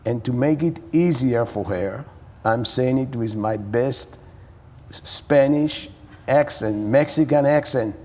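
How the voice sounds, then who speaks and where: A man recounts his story slowly and haltingly, searching for his words. His voice is husky, and the sound rings with the long echo of a hall. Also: medium pitch, a little mellow. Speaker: interviewee sharing testimony. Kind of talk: personal storytelling.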